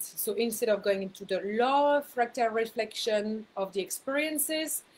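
A woman talks casually to her viewers as a spiritual mentor, in a voice of middling pitch. She is chatty, laughs at herself and repeats words to drive a point home. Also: poor audio.

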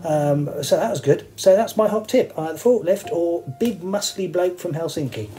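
A man's voice: sits high, normal speed, mellow, poor audio. A man hosting, telling rambling, wry anecdotes with many asides and fillers. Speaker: host sharing stage rigging anecdotes.

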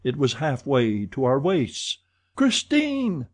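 A man's voice: fairly low pitch, a little slow, mellow. A man narrating an audiobook in a dramatic, intense storytelling manner.

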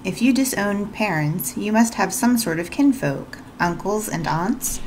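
A woman reading the lines of a brusque, commanding gentleman from a storybook read-aloud. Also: mid-range voice, animated, unhurried, slight background noise, voice pushed up, low-quality recording. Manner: curt, questioning, commanding. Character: brusque commanding gentleman, middle-aged man.

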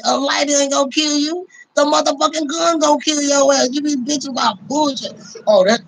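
A man on a casual livestream, ranting in a loud, profane, boisterous way and laughing often. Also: extremely high pitch, creaky, low-quality recording.

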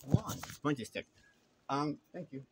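Filming his shop visit on a phone at the counter, this vlogger talks in a mid-range voice at normal speed, with the recording very noisy. His casual commentary rambles and stammers, peppered with wry asides.

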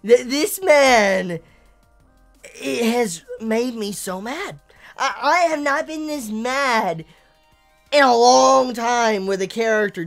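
A woman anime reviewer in an angry rant, cursing freely and tripping over her words as she restarts sentences. Her voice sits at a middle pitch. Faint music plays behind her. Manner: profane, stammering, repeats words.

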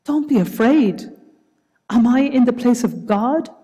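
A woman voicing a forgiving elderly male patriarch in a scripture reading, gentle and reassuring. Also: very high voice, expressive, measured pace, slightly rough, full character voice. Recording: reverberant church hall.

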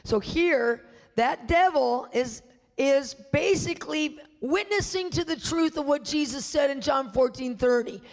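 A woman's voice: high voice, a little slow, long reverb tail, faint music behind. A woman minister preaching a sermon, emphatic and full of rhetorical questions to her listeners. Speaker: guest minister teaching.

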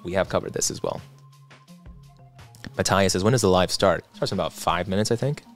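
A low-pitched man hosts a casual livestream, reading out viewer comments in a relaxed, chatty way. Soft music plays faintly behind him. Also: brisk. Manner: relaxed, reads chat aloud, chatty asides. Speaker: livestream host.

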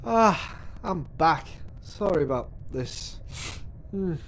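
A woman voicing a motherly, sentimental operating system inside a phone in a video game, speaking in a slow, doting way. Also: fairly low pitch, animated, slight background noise. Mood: wry. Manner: slow, doting, easily moved.

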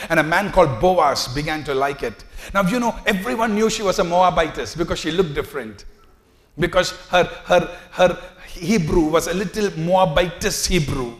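A man's voice: on the high side, a bit bright. Man preaching with dramatic swings. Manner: dramatic preaching, acting out quotes with big swings in volume. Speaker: pastor. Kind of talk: sermon.

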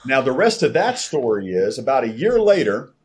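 A man's voice: mid-range voice, big pitch swings, moderate pace. A man from Texas, telling his story as a podcast guest and acting out the dialogue he recounts. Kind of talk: storytelling interview.

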